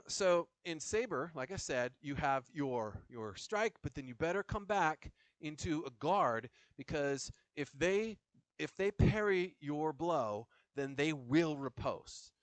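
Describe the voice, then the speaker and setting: A male fencing coach talks through a saber drill, calling out cuts and guards as he moves. His pitch swings up and down a lot, and the sound is dry and close with no room around it. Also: takes it slowly, no echo. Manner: lively, chatty, jokey asides with laughs; counts drill calls while moving. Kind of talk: demonstration lesson.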